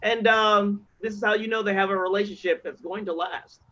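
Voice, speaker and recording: Brief: male comedy show host, high voice, playful and hyped, muffled stream audio. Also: steady tone, a little fast, sharp tone. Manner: hyped, playful banter with performers. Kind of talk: hosting a livestreamed comedy show. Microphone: video call.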